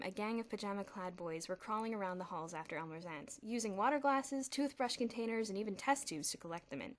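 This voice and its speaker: A woman's voice: mid-range voice, fairly quick, few pauses. A woman narrating a children's novel as an audiobook, telling the story expressively. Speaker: audiobook reader.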